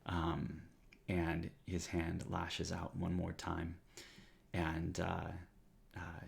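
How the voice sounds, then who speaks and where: A man narrating as game master of a tabletop game, describing scenes with frequent pauses and fillers. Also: low-pitched, gravelly. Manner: descriptive, hesitant with many fillers.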